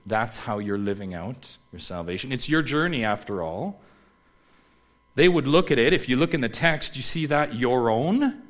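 A man's voice: medium pitch, expressive, normal speed. Emphatic male pastor preaching. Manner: emphatic, repeats key phrases, swings from loud to hushed. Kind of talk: sermon.

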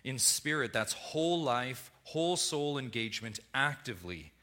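A man preaching a sermon as pastor, emphatic, swinging between hushed lines and loud ones. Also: medium pitch, sing-song, normal speed.

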